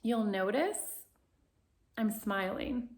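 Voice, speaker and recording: A woman voice coach leading a guided vocal exercise lesson, speaking in slow, soothing instructions and singing vowel sounds to demonstrate. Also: mid-range voice, lively intonation.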